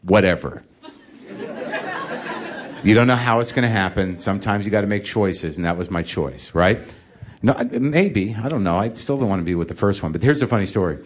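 A man's voice: on the low side, animated, brisk, lo-fi sound, some chatter behind, a little hiss or hum. A middle-aged man, a comedian guest in an interview, telling candid, self-deprecating stories about himself with plenty of swearing. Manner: confessional, self-deprecating, profane.

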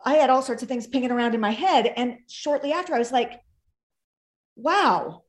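A woman calling in to a podcast over a video call, sharing a story from her own relationship. She tells it in an animated way with a slightly high voice, acting out the back-and-forth as she goes. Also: quick pace. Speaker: caller. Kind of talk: telling a personal story.

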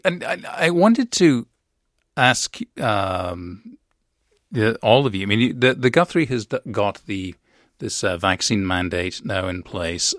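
Low-voiced man hosting a call-in radio show. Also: a bit bright, no room sound, clean studio sound. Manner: halting, hesitant questioning with restarts. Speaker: radio talk show host. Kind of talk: live call-in radio interview.

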